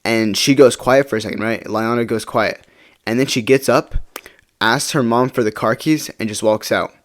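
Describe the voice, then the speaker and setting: A man's voice: mid-range voice, normal speed. A young man telling a personal story in a casual vlog, rambling and checking in with the listener with "right?". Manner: rambling, many fillers like "right?".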